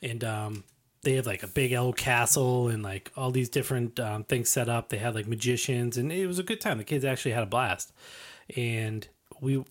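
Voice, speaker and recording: A man's voice: medium pitch, normal speed. A man telling a rambling story in a casual chat, swearing and laughing as he goes.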